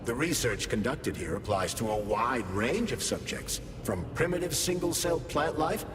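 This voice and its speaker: A man's voice: expressive, moderate pace, lightly acted. An actor voicing a knowledgeable male AI companion who explains things precisely. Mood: informative. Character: knowledgeable talking male AI glove. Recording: reverberant game audio with rumble.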